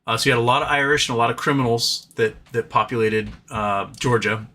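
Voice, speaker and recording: A man hosting a live stream, talking fast and loosely, with many fillers and restarts. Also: medium pitch, pushed and bright. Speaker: livestream host. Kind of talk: casual live-stream chat.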